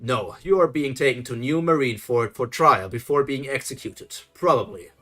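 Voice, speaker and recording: Male reader as a stern, proud vice admiral, deeper and gruff. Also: normal speed, sharp tone, soft background music. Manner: stern, lecturing.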